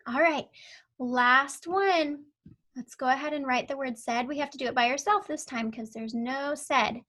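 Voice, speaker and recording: A young woman teaching an online phonics lesson to young children, patient and clear as she sounds out words and spells letters one at a time. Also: high voice, normal speed, sharp tone. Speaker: kindergarten teacher.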